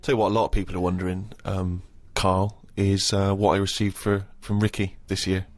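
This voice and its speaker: A man's voice: low voice, little pitch movement, fairly quick, over music. A man co-hosting a comedy podcast, making dry, sarcastic remarks. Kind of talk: comic studio banter.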